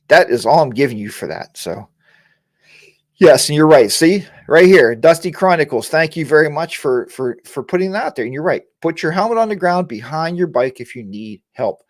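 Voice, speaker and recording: A man hosting a casual live-stream chat for riders, ranting in a fired-up way and calling out viewers by name. His voice sits fairly high for a man. The sound is dry and close, with no room around it. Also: no echo. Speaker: live chat show host.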